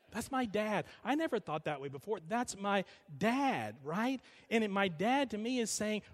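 Pastor, male, slightly high voice, lively repetitive preaching, echoing hall sound. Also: normal speed, few pauses. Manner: animated storytelling preacher, repetitive emphasis. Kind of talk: sermon.

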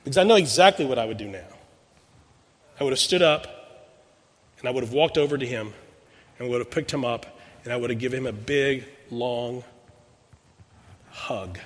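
A man's voice: medium pitch, normal speed, pauses often. A pastor in his sixties giving a sermon, telling a personal story in a conversational way, often restarting his words. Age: 60s. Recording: long reverb in a large hall.

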